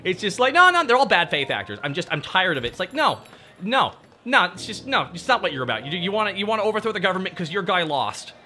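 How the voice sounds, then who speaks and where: Male streamer, bright lively voice, slightly high, swears a lot, rants straight to chat. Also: quick pace. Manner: ranting, profane, talks straight to chat. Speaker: VTuber streamer. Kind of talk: casual livestream chat.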